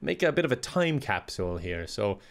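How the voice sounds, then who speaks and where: Lively Irish man joking through clips. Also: fairly low pitch, brisk, vocal fry. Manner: wry, self-mocking, laughs often. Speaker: reaction video host. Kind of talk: casual comic commentary.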